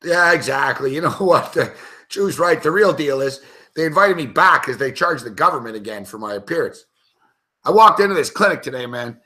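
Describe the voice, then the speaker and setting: A young man with a bright, forceful, fairly high voice, spinning a long, rambling anecdote in casual chat. He swears in nearly every sentence and keeps restarting his thoughts as the story runs on. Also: brisk. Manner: profane, swears constantly; rambling, animated anecdote telling. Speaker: show panelist.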